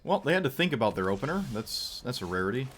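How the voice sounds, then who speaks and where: A man's voice: medium pitch, sing-song, fast talker, fairly bright tone, slight background noise. A man streaming a card game, giving playful, joking commentary and talking at his opponent. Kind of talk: casual gameplay commentary.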